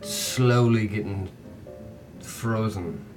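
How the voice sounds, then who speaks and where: A man's voice: on the low side, extremely slow. Casual male game master, off-mic. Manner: casual, hesitant, sweary. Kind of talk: narrating a tabletop game. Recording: distant mic with faint music.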